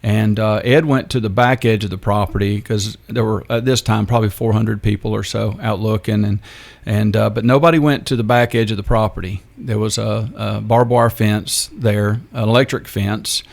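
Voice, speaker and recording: An older man, a radio guest telling his story in a halting, unhurried way. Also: fairly low pitch, fairly even intonation, gravelly. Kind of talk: interview storytelling.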